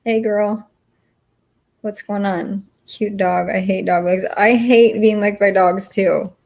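A woman's voice: mid-range voice, steady tone, slow pace, creaky, darkish tone. A woman chats loosely with her livestream viewers from home. She is blunt and swears freely, speaking in an ordinary mid-range voice. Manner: chatty, frank, swears freely. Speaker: livestream host. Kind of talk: casual livestream chat with viewers.

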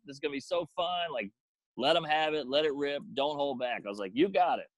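A stand-up comedian tells a story with a lot of energy. He jumps into squeaky, overdone voices for the people in it. His voice sits a little high for a man and sounds dry and close. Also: fairly quick, no room sound, low-quality recording. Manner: animated storyteller acting out characters in exaggerated voices. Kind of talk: casual storytelling chat.

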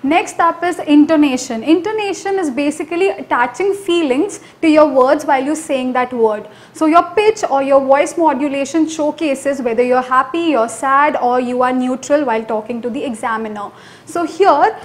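High-voiced Indian English woman tutor. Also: moderate pace. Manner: energetic, emphatic teaching with promotional pitches. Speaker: IELTS tutor. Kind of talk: online lesson.

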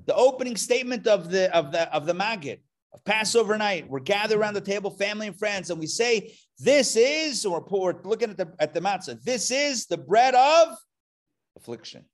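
A man's voice: sits high, animated, fast talker. A male rabbi teaching a live class, joking and drawing questions from the room. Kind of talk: live interactive lesson. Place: classroom before a live audience.

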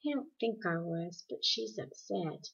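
A woman voicing a moody, insecure teenage girl who speaks quietly and sulkily, in a dull lo-fi recording. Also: medium pitch, a little slow, gravelly, breathy edge, full character voice. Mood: sulky.

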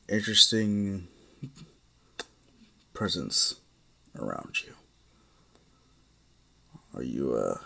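A man voicing Darth Maul, a cold, menacing male Sith warrior, in a low hushed half-whisper for a fan story. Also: vocal fry, breathy edge, exaggerated voice. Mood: stern.

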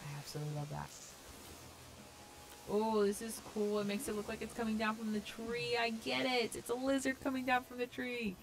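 A young woman casually commenting as she tours a video game island, gushing and gasping with excitement. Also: fairly high pitch, moderate pace, slight background noise. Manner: gushing, excited, lots of gasps and "oh my God". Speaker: gaming vlogger touring a fan-made island.

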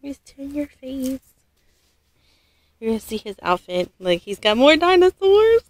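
A woman doing a casual unboxing vlog as a doll collector. She gushes, rambles and corrects herself, and often drops to a soft near-whisper. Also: sits high, big pitch swings, unhurried, dry recording.

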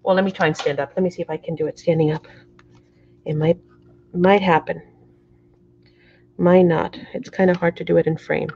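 A woman's voice: fairly low pitch, fairly even intonation, moderate pace, gravelly, long pauses, dark tone, slightly rough. Middle-aged woman, live craft demo, chatty, apologetic, muffled lo-fi audio. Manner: chatty, checks in with viewers often; apologetic, flustered by the camera framing. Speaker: craft tutorial host. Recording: dull lo-fi sound.

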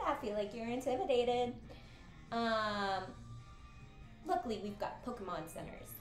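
A woman's voice: a little high, unhurried, roomy sound, soft background music. A woman streamer casually commenting on a video game, reading the game text aloud, swearing and joking as she goes.

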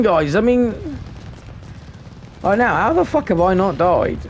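A man's voice: sits high, very animated, takes it slowly, slight background noise. A man giving live commentary on his gameplay, ranting in frustration and swearing constantly. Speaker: gaming video creator.

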